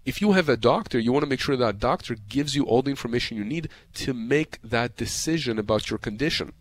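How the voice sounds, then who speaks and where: A man's voice: mid-range voice, a little fast, no echo. Passionate, emphatic lawyer man. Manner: passionate, emphatic, repeats words. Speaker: personal injury lawyer as guest. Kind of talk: radio call-in advice talk.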